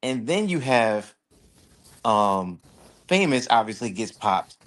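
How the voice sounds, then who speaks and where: A man's voice: fairly low pitch, sing-song, slow pace. A man co-hosting a casual reaction chat, laying out his reasoning bluntly and matter-of-factly. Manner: lays out long reasoning, blunt and matter-of-fact. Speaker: reaction show co-host.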